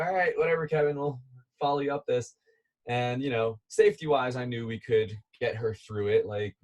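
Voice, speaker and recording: Laid-back man telling a story. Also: medium pitch. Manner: animated, laughing as he tells a climbing story. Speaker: guest. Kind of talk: casual storytelling.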